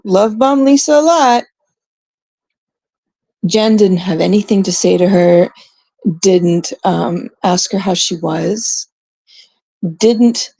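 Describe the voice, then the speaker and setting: A woman's voice: medium pitch, gravelly, dark tone, dry recording. A Canadian woman in casual, unscripted talk to her chat, blunt and rambling, swearing often. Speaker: streamer talking to chat.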